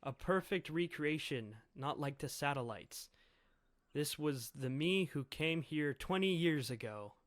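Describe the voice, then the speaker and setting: A man's voice: on the high side, animated, a little slow, fairly bright tone, no room sound. A man voicing a brilliant woman scientist who explains her plans matter-of-factly, as he reads out a comic. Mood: explaining. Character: brilliant female scientist, brisk and scheming.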